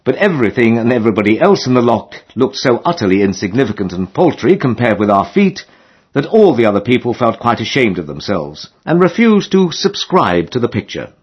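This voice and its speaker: A man narrating a comic novel in a lively, expressive way with dry humor, in a dull lo-fi recording. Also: mid-range voice, brisk, slightly rough. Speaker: audiobook narrator.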